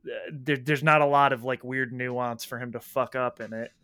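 A man's voice: mid-range voice, moderate pace, clear, resonant tone, no echo. A man in casual chat as podcast co-host, telling stories animatedly and swearing freely. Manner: animated, profane storytelling.

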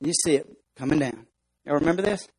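A man's voice: a little high, a little fast, darkish tone, slightly rough, rough recording. A man preaching a sermon as pastor, speaking emphatically and acting out stories for his congregation.

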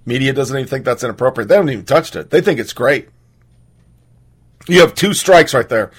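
A man's voice: mid-range voice, animated, brisk, husky. A man hosting a show, in a heated, sarcastic and profane casual political rant. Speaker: host.

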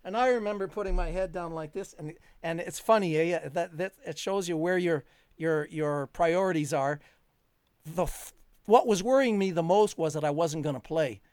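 A man's voice: fairly high pitch, moderate pace, darkish tone, no echo, clean studio sound. Older man, rambling storyteller. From Canada. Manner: rambling, chuckling, full of fillers. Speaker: guest. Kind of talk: storytelling in a conversation.

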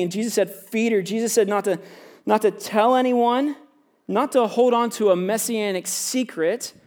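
A man's voice: high-pitched, darkish tone. A male pastor preaching a sermon in a loose, conversational way, often asking "right?".

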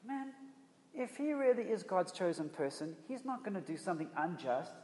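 A man's voice: high-pitched, sing-song, normal speed, darkish tone, voice pushed up. A man voicing a blunt, exasperated repentant criminal in a casual, slangy way. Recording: long reverb of a hall.

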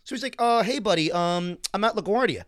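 A man's voice: sits high, lively intonation, fairly quick, a bit bright. A man telling a wry, exasperated story in a casual chat.

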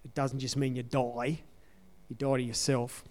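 A man's voice: mid-range voice, little pitch movement, moderate pace, darkish tone. A man giving a conversational sermon testimony in an earnest way, repeating his key phrases. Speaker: church speaker sharing testimony.

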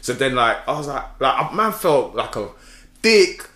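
A man telling a story in casual chat, slangy and animated, acting out the dialogue. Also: mid-range voice, normal speed. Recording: echoey room.

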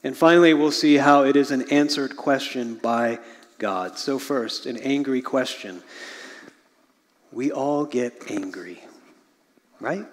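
A middle-aged man preaching a sermon as pastor, earnest, often sinking to a hushed low voice at the ends of phrases. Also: slow pace, long pauses. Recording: long reverb of a large hall.

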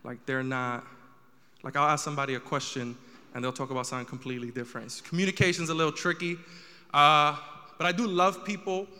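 A man's voice: a little high, fairly even intonation, fast, pushed and bright, big-room sound. A young man doing a stand-up comedy set, telling a story with rising exasperation.

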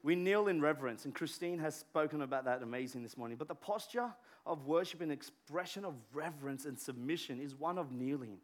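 High-voiced man preaching a lively sermon. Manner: conversational, many filler words and restarts, swings from hushed to shouting. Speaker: pastor.

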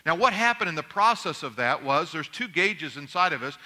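A man's voice: fairly high pitch, sing-song, brisk, sharp tone. A middle-aged male pastor preaching a conversational sermon, acting out little dialogues from home life.

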